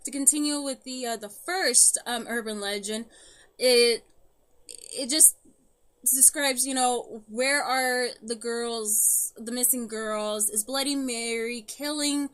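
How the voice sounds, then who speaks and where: Slow, giggly high-voiced woman. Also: fairly bright tone. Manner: giggly, halting, with restarts. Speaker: podcast co-host. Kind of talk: casual chat.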